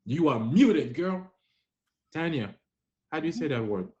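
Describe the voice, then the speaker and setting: A man with a slightly high, animated, somewhat slow and mellow voice hosts a playful French pronunciation game on a live stream, teasing players as he calls on them. The sound comes through live-stream app audio and is dull and lo-fi.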